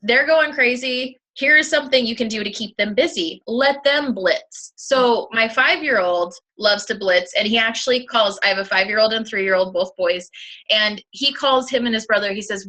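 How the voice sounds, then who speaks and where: A woman's voice: a little high, moderate pace, sharp tone, rough recording. A young woman and mother of two, co-hosting a sales team call in upbeat, chatty motivational talk, telling stories about her kids. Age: young adult. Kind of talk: casual motivational chat.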